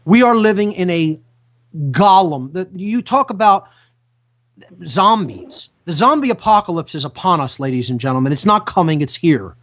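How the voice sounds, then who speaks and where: A man hosting a radio talk show, speaking emphatically and repeating key phrases slowly for effect. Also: high voice, expressive, fairly bright tone.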